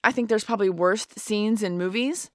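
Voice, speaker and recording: Here a middle-aged podcast co-host talks casually about parenting, illustrating her points with ordinary examples in an earnest, emphatic way. Her voice sits in the mid-range and moves at a normal speed. It's recorded in a studio with no room sound.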